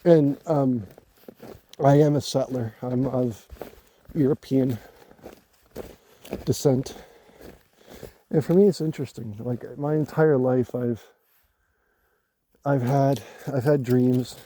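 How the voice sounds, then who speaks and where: A man from Canada talking casually to his phone in the woods at night, halting and musing as he repeats words while gathering his thoughts. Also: mid-range voice, warm tone, slight background noise. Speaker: vlogger. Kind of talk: casual rambling talk to camera. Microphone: handheld phone.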